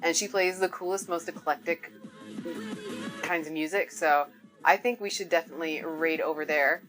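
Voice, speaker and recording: A woman's voice: low voice, steady tone, moderate pace. A young woman hosting a casual cooking live stream, chatting with viewers, laughing often and swearing freely. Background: music playing.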